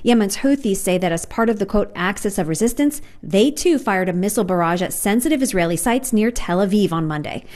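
A woman news correspondent filing a report in a steady, factual way. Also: medium pitch, fairly quick, few pauses.

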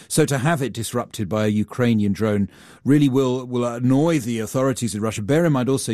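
Man, news reporter, measured, explanatory, mid pitch, dry studio. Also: a little mellow, no echo. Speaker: global affairs reporter. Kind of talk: news interview analysis.

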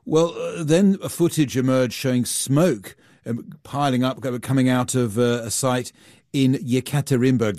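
A global affairs correspondent delivers news analysis from a radio newsroom studio, his mid-range voice a little mellow and free of echo. He explains things steadily, with some fillers.

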